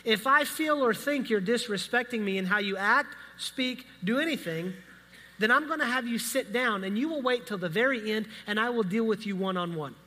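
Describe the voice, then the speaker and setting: High, bright-voiced pastor in a reverberant hall. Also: male voice. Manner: conversational, animated storytelling with quick asides. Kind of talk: storytelling sermon.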